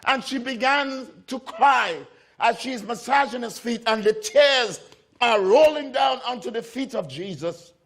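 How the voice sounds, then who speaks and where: A man preaching a sermon with a high-pitched voice. He tells the story in a loose, repeating way and acts out what the people in it say. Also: unhurried, fairly bright tone. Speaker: pastor.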